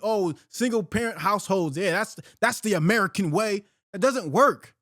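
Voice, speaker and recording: Animated, heated man ranting. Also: very high voice, dry recording, clean studio sound. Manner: heated, profane, rambling with restarts and slang. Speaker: podcast host. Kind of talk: unfiltered solo talk.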